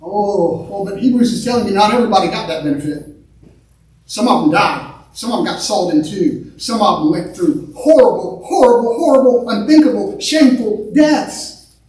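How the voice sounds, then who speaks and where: High-voiced preaching pastor, man, in an echoey church. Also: normal speed. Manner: animated preaching, repeats words, swings between loud and quiet. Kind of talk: sermon. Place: church sanctuary. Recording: echoey sanctuary, mic at a distance.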